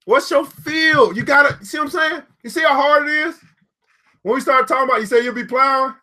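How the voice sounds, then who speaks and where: A man's voice: very high voice, fairly quick, bright, forceful tone. A man giving a motivational live talk to viewers, preachy and repetitive, calling out people by name and chuckling at his own jokes.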